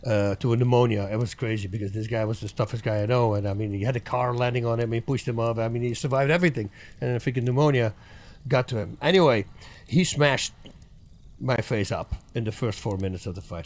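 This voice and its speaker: A middle-aged man, a guest on an interview, telling stories in a lively casual way, laughing often and acting out what people said. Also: medium pitch. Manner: animated storyteller, laughs often, acts out quotes. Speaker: guest, former fighter.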